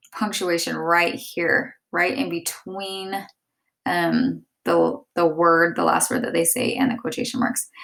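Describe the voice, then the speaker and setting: A woman's voice: lowish voice, gravelly, a bit bright. A woman teacher explaining step by step and reading example sentences aloud. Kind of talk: classroom lesson.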